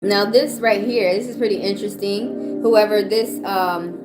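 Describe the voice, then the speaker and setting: A woman's voice: medium pitch, moderate pace. Tarot reader, woman, Southern accent, chatty, casual livestream, music in background. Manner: chatty, loose, swears casually.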